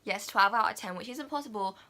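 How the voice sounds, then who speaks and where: A young woman chatting excitedly as a vlogger, gushing and filling her talk with "like" and "oh my God". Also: medium pitch, fast. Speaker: vlogger reviewing a film. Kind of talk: casual chat.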